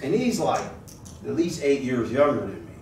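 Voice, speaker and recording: A man's voice: medium pitch, sing-song, normal speed. A man preaching a casual, jokey sermon, telling stories and calling on his congregation to answer back. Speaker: pastor. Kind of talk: conversational sermon. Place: church sanctuary. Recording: roomy, distant mic with noise.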